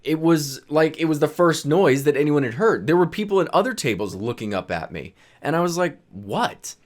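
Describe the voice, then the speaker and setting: A young man casually telling funny stories from his high school days, acting out what his friends said and laughing as he goes. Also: a little fast. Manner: animated, laughs while telling, acts out friends' lines. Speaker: storyteller vlogger. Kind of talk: casual storytelling.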